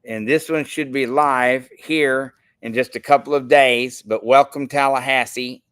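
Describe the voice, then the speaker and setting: Older rambling man from Texas, smooth voice. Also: medium pitch, steady tone, measured pace, fairly bright tone. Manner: rambling and indignant, with frequent restarts. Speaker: show host. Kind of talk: casual livestream talk.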